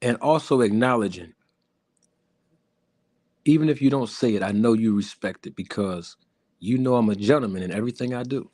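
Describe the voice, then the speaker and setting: A man putting on a soft, smooth crooner voice to address the women watching his live stream. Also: no echo, studio quality, close to an everyday voice. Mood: smooth, courtly. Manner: soft, slow, low and suave. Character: smooth-talking male crooner charming the ladies.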